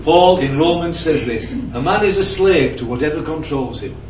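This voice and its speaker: A man's voice: fairly high pitch, lively intonation, moderate pace, a little hiss or hum. A man preaching a sermon in a conversational way, asking the audience questions and telling anecdotes. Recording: roomy, distant, dull lo-fi sound with faint ambience.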